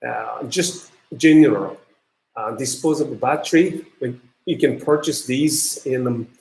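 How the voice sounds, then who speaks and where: A man with a Japanese accent who speaks Japanese natively, giving a university lecture in English in a halting way, with many fillers and restarts. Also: medium pitch, vocal fry, a little mellow. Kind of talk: recorded lecture. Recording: echoey room.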